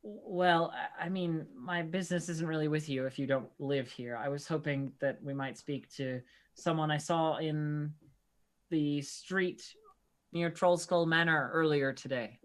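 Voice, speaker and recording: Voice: mid-range voice, a little slow. A player in a tabletop game, speaking in a hesitant, polite and playful way. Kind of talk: tabletop role-play.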